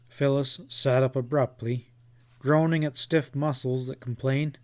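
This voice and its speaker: A man narrating a western novel as an audiobook, reading in a slow, measured way. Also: mid-range voice, fairly even intonation, a little mellow. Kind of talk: scripted narration.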